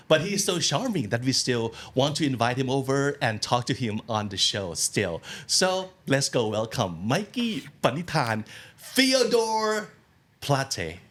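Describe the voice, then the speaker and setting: A male host with a lively, animated voice that moves up and down freely. His pitch sits in an ordinary middle range. He talks in a chatty, easygoing way and laughs readily. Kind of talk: casual interview.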